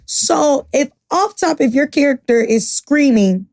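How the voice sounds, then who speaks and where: Passionate high-voiced woman podcaster. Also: lively intonation, a little slow, a little mellow, no echo, studio quality. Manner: passionate, blunt, swears freely. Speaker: podcast co-host. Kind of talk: casual opinionated chat.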